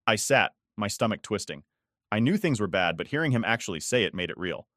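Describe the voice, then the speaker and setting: A man giving a scripted first-person story narration in a steady, even way. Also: on the low side, fairly quick, dry recording, studio quality.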